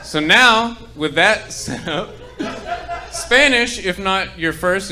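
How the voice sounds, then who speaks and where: Young male comic, deadpan stand-up, bright cutting voice, slightly high, faint club ambience. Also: slight background noise. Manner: dry deadpan setups with ironic punchlines. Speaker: stand-up comedian. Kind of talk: stand-up set. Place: comedy club stage.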